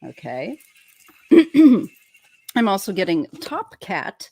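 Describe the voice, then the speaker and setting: A woman's voice: fairly low pitch, sing-song, measured pace, vocal fry, darkish tone, slightly rough. A woman guest reading oracle card messages aloud in a playful, joking way. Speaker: tarot reader guest.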